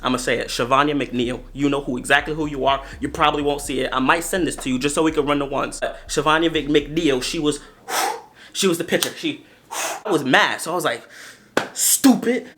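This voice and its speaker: A man in his twenties telling a story to the camera in a casual, slangy, animated way, often talking straight to his viewers. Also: a little high, a little fast, slight background noise. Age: 20s. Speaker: storytelling vlogger.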